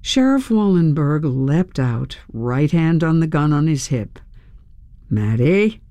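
A narrator reading a tense first-person story aloud in a measured, storytelling manner. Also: medium pitch, expressive, dark tone, no echo. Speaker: audiobook narrator.

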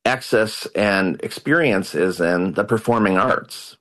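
A man's voice: on the low side, takes it slowly, fairly bright tone. A man, a community project organizer giving articulate, earnest answers in an interview. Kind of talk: radio interview.

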